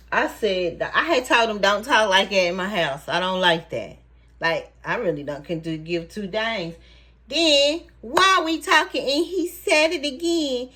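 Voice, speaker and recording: A woman's voice: on the high side, pushed and bright. A woman vlogger telling a story straight to her viewers in casual, profane talk. She laughs often and acts out quoted lines with rising, emphatic repeats.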